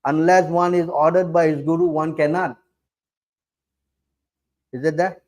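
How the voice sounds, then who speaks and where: A man's voice: a little high, steady tone, measured pace, a little mellow. A middle-aged man giving a scripture class as a preacher, challenging his listeners and often asking rhetorical questions. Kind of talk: sermon.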